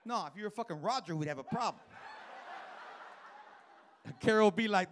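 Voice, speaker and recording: A man's voice: sits high, normal speed, pauses often, a bit bright. A man doing live stand-up in a comedy club, working the crowd with a brash, profane, teasing manner into a handheld stage mic.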